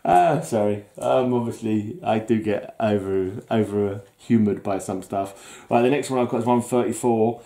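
A man's voice: fairly low pitch, fairly even intonation, moderate pace, few pauses, mellow. A man hosting a casual vlog about his comic book collection, chatty and easily amused, who chuckles often as he talks.

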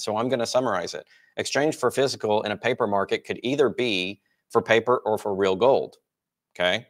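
A man's voice: lowish voice, fairly even intonation, fast. A man hosting a market report, explaining charts in a casual, explanatory way. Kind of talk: financial market commentary.

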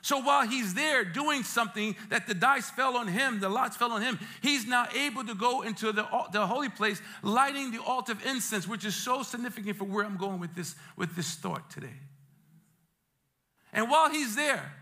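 High, bright-voiced joking pastor. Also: male voice, normal speed. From Brooklyn, New York. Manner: lively, joking, streetwise asides. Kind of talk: sermon. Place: church sanctuary.

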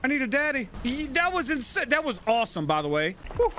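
Male let's play host, high bright voice, cusses and hollers at his friends. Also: sing-song, fairly quick, slight background noise. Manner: loud, profane, frequent shouting and laughter. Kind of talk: casual gaming commentary.

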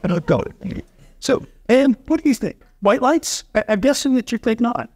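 A man's voice: extremely high pitch, expressive, normal speed, a little mellow. A man moderating a debate in a teasing, offhand way.

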